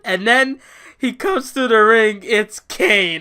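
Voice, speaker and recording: A man casually reviewing a wrestling show on his own vlog, excitable and rambling, often restarting his sentences. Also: high-pitched, slow, smooth.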